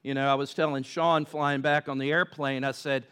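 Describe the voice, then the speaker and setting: A man's voice: mid-range voice, level tone, moderate pace, fairly bright tone, clean tone. A man preaching a sermon, conversational and rising into impassioned pleas. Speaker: pastor.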